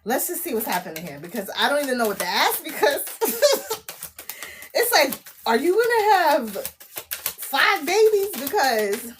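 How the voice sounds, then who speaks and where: A woman, chatting on a live stream as a spiritual reader, laughing often, loud and disbelieving, full of slang. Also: high voice, very animated, a little slow, noisy background. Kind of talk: casual live-stream chat.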